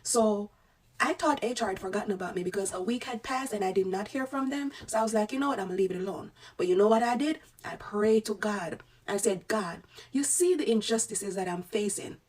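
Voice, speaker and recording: A woman's voice: a little high, breathy edge, recorded from a distance. A woman telling a personal story in an emotional vlog, speaking with fervent, testifying conviction. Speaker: respiratory therapist sharing a story.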